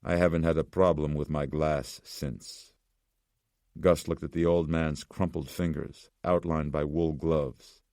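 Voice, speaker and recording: A man narrates a horror audiobook in a steady, deliberate voice. His tone is extremely deep and gravelly. The recording is dry and close to the mic. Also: no echo. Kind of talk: scripted narration.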